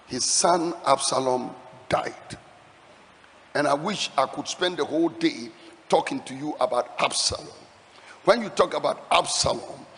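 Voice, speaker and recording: A male pastor preaching a sermon, reading scripture aloud with dramatic, slowed emphasis. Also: a little high, a bit bright. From Ghana. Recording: long hall reverb.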